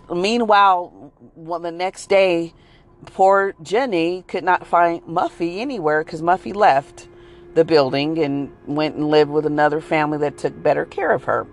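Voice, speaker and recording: Animated woman with a casual comic monologue. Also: low-pitched. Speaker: comedic storyteller, self-styled pet whisperer. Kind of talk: comedic monologue.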